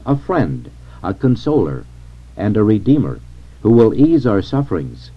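A man reading a sermon aloud in a solemn, measured way. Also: lowish voice. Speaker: reader of a sermon. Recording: dull lo-fi recording.

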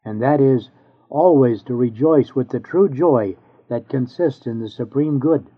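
A man reading an old sermon aloud in a measured, earnest way. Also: medium pitch, breathy edge. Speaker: reader of a sermon. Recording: tinny phone-like sound.

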